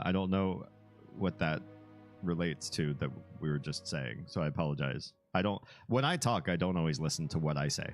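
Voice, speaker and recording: A man with a deep bass voice, chatting casually and rambling on a live stream, chuckling often. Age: young adult to middle-aged, a parent.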